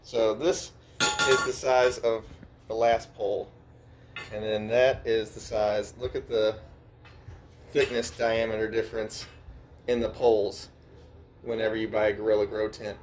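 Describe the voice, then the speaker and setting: A man's voice: fairly low pitch, little pitch movement, a little slow, long pauses, a little hiss or hum. A man hosting a grow-tent vlog in an indoor grow room, talking loosely, swearing freely and laughing often. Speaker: grow channel host. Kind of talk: casual vlog narration.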